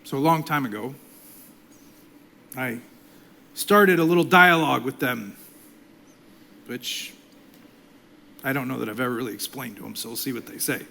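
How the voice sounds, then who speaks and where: A middle-aged male pastor preaching a sermon, swinging from loud, impassioned lines to hushed whispers. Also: medium pitch, moderate pace, creaky, pauses often.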